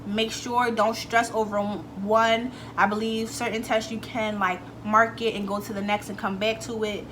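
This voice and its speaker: A young woman vlogging casually, telling a story in a chatty, animated way, swearing freely and acting out what people said. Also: mid-range voice, moderate pace, noisy background. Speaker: beauty vlogger.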